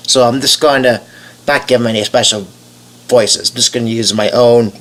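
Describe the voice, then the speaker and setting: A man's voice: mid-range voice, steady tone, moderate pace, fairly bright tone. A young man with a nasal voice, casually rambling as a game voice-over YouTuber, full of fillers and restarts. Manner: hesitant, many fillers and restarts.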